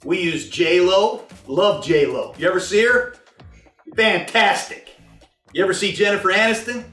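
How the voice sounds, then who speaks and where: Older guy coaching qbs, high bright voice barking cadences, swearing, roomy echo off a distant mic. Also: measured pace. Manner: animated, shouting snap counts and cadences; profane, drill-sergeant bark. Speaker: football coach. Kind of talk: coaching session. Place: film room. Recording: echoey room, mic from afar, faint music.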